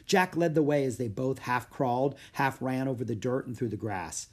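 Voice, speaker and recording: Male narrator, children's story, measured, suspenseful slowdowns, mid pitch. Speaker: audiobook reader. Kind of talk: scripted narration.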